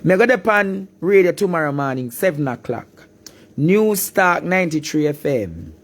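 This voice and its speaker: A man from Jamaica with a Jamaican accent, ranting animatedly on a live stream, repeating words and bursting into shouts. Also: fairly high pitch, very animated, normal speed. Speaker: social media personality.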